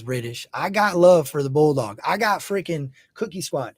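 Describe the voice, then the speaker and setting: Hosting a casual livestream, a man in his thirties talks at normal speed with few pauses, his voice a little high and animated, with no echo. He chats in a laid-back way and hypes up viewers by name.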